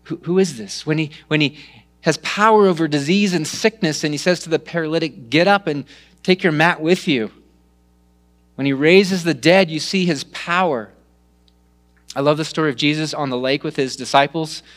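A man preaching a sermon, retelling stories with lively rises and hushed drops. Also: on the high side, brisk. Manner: animated storytelling, dropping to hushed tones. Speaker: pastor.

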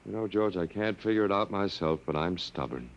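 A stubborn, weary human captive. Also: male voice, low voice, expressive, a little fast, clear, resonant tone. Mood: defiant. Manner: defiant, then pleading and shaken. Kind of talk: 1950s radio drama acting. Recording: dull lo-fi old radio broadcast.

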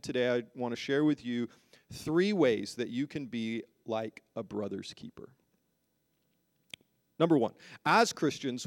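Male pastor, higher pitch, dry close sound; emphatic sermon delivery to a congregation. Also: a little mellow, no room sound. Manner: emphatic preaching with rhetorical questions. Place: church hall with a congregation.

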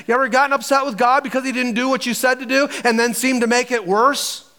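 A male pastor preaching a sermon in an animated, conversational way, asking the congregation questions. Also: extremely high pitch, a little fast, few pauses.

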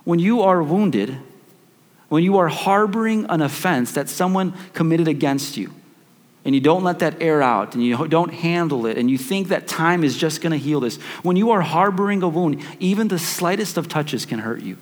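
A man's voice: fairly high pitch, lively intonation, moderate pace. A pastor in his thirties preaching a sermon, repeating key phrases for emphasis and restarting his sentences often. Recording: long reverb of a church hall.

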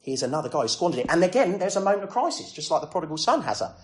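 Guy preaching, chatty, lots of questions, pitch jumping all over. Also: very animated, racing, slight background noise. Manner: conversational, rhetorical questions, self-deprecating asides. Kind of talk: sermon.

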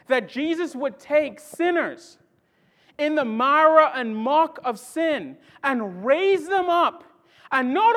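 A pastor preaching a sermon emphatically, repeating key phrases and swinging between loud stresses and hushed lines. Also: sits high.

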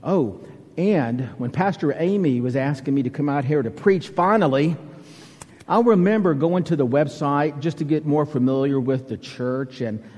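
A middle-aged guest preacher from Alabama delivers a conversational, joking, folksy sermon in a Southern accent. His somewhat high, darkish voice keeps a moderate pace in a reverberant church sanctuary.

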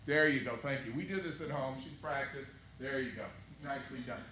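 A man preaching a sermon, conversational and animated, asking his listeners questions. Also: medium pitch, brisk. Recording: echoey room with faint ambience.

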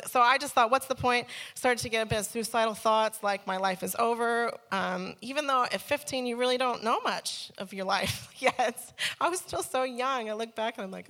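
A woman giving a candid, animated personal testimony, laughing often and climbing high when she gets excited. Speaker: speaker sharing her life story. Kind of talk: personal testimony to a church audience.

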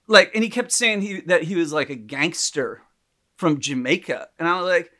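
A man in casual podcast conversation, telling an animated, rambling story with lots of restarts. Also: fairly high pitch, normal speed.

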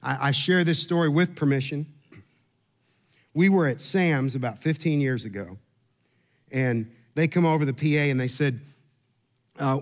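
A middle-aged pastor with a drawl preaches in a fairly high voice. He is earnest and often repeats his words as he builds toward a funny story from his own life. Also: normal speed, pauses often. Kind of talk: sermon with humorous personal story.

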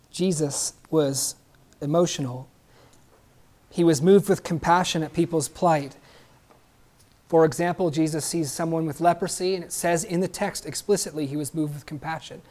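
A man's voice: fairly high pitch, fairly even intonation, moderate pace, darkish tone. A male preacher delivering a sermon in an easy, conversational manner. He is earnest, stumbles over a word now and then, and keeps checking in with a questioning "right?".

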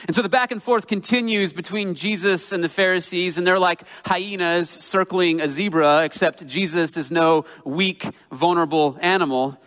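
Male preacher, slightly high voice, earnest and emphatic sermon delivery, long hall reverb. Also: fairly bright tone. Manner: earnest, emphatic, slows down for quoted scripture.

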